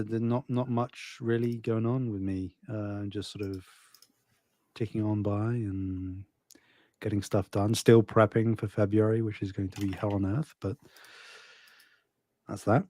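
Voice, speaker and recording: A man co-hosting a casual podcast, halting with fillers and dry, sarcastic jokes. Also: fairly low pitch, flat delivery, darkish tone, no echo. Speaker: podcast co-host.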